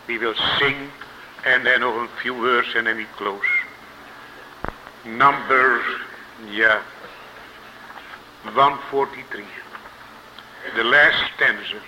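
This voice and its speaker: A man preaching a sermon to his congregation, slow and emphatic, repeating key words for weight. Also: medium pitch, fairly even intonation, bright, forceful tone. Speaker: pastor. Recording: muffled lo-fi sermon recording with faint hiss.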